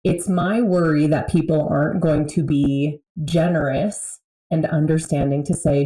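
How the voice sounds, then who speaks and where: A woman's voice: sits low, steady tone, a little slow, warm tone, reverberant, rough recording. A woman in a casual podcast conversation, telling a candid story about her family and laughing often. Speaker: podcast conversation partner, mother.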